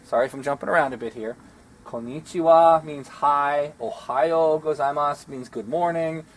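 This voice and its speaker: A man's voice: on the high side, moderate pace. A man, a martial arts instructor giving a rambling, self-deprecating outdoor lesson. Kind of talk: casual instructional talk.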